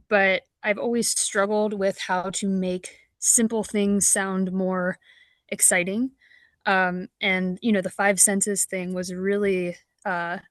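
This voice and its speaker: A woman's voice: medium pitch, no room sound. A woman taking part in an online workshop, giving hesitant, appreciative feedback. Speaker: workshop participant. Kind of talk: video call comment.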